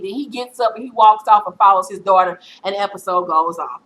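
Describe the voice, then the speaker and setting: A woman in her thirties rattles through a reality-TV recap in a casual, blunt, profane way. Her voice is bright and forceful, sitting a bit high. She tells the story with animated energy. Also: a little fast, hardly any pauses, poor audio. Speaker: TV recap vlogger.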